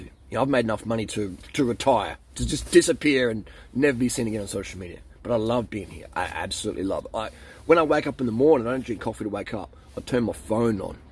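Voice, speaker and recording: A man's voice: lowish voice, husky. Blunt, emphatic young man giving advice. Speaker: vlogger giving life advice. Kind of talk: motivational advice monologue.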